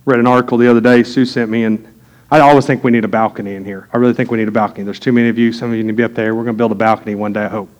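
A middle-aged pastor preaches a sermon, telling homely family stories and talking straight to the pews. His voice sits at an ordinary mid pitch for a man. He moves from folksy asides to earnest preaching. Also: flat delivery, rapid-fire. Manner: folksy storytelling, preaching to a congregation.

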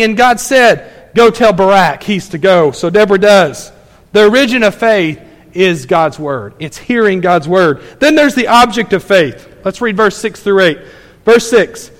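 A pastor with a high voice preaching to his congregation. He is animated and acts out quick asides as he goes. The sound rings with the long echo of a large hall. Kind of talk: sermon.

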